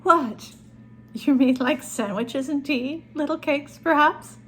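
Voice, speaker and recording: A woman's voice: high voice, takes it slowly, a bit bright, faint music behind, voice pushed up. A woman voicing an ancient female water nymph who answers in a wry, amused, evasive way in a storybook reading.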